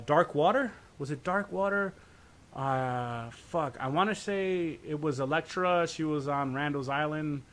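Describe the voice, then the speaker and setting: A man's voice: a little high, a bit bright. A man co-hosting a podcast, talking in a loose, profane ramble, often checking in with "right?" and stumbling over restarts. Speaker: podcast co-host. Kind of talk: casual podcast discussion.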